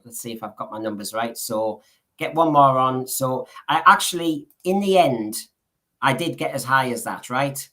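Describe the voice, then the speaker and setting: A man talking casually on a fan podcast at an ordinary, middling pitch. He rambles, trips over his words and restarts his sentences, and he keeps circling back to his point. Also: lively intonation, moderate pace, sharp tone. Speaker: podcast co-host. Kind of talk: casual chat.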